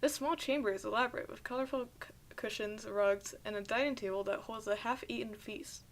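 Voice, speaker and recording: A young woman streams a game and reads its narration aloud, her voice on the high side and brisk. She keeps stumbling over words and restarting them as she reads.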